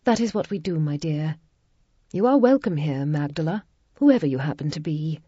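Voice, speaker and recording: A woman voicing a kindly noblewoman who speaks gently and warmly to a guest. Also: low-pitched, lively intonation, normal speed, breathy edge, dry recording. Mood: gentle. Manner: gentle, welcoming. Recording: dull lo-fi recording.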